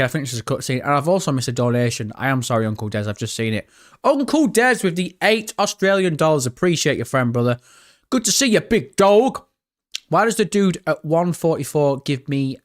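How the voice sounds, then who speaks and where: Chatty streamer guy. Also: on the high side. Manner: chatty, swears freely, talks to chat. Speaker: livestream host. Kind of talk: casual livestream chat.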